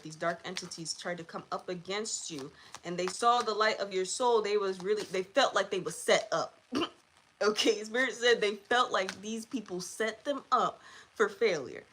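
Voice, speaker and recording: A woman's voice: mid-range voice, slight background noise. Chatty woman giving a tarot reading. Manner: chatty, animated, laughs often. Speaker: tarot reader. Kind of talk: live collective tarot reading.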